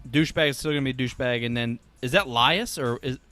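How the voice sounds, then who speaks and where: A man's voice: medium pitch, quick pace, pushed and bright, no echo, soft background music. A man co-hosting a podcast in casual chat, joking and blunt, with some swearing. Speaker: podcast co-host.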